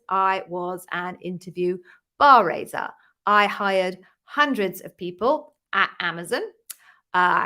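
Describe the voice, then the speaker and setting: A woman's voice: mid-range voice, bright, forceful tone. A woman, an interview coach hosting a casual live-stream Q&A, chatty, welcoming and self-deprecating as she greets viewers.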